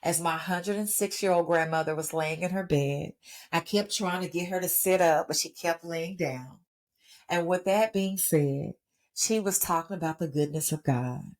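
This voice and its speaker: With a fairly low, slightly mellow voice at a moderate pace, a middle-aged woman from Texas speaks in a Texan accent. As a ministry founder, she offers an earnest, conversational faith talk meant to inspire, checking in with listeners often.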